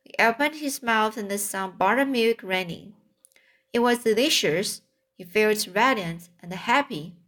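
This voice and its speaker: A woman's voice: medium pitch, lively intonation, unhurried, a bit bright. A woman narrating a children's storybook aloud, reading carefully with occasional slips and restarts. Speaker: audiobook reader.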